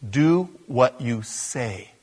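A man preaching a conversational sermon as a pastor, with animated bursts. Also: medium pitch, very slow, slightly rough.

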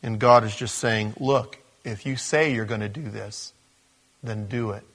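Husky man preaching a sermon. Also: fairly low pitch, a little slow. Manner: conversational preaching, animated bursts. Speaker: pastor.

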